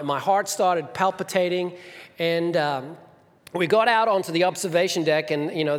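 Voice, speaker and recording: Middle-aged male pastor, high-ish voice, animated storyteller, hall reverb. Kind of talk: sermon with personal stories. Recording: long reverb of a church hall.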